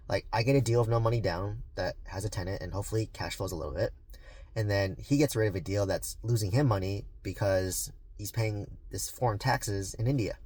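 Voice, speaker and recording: Earnest rambling man, low voice. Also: a little mellow. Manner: earnest, rambling, many fillers and restarts. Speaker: real estate investor and coach. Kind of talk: casual vlog talk to camera.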